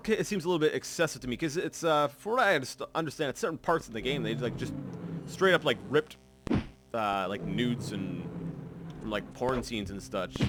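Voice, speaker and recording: A man hosting a let's play, casually rambling through gameplay commentary with lots of fillers and self-corrections. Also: medium pitch.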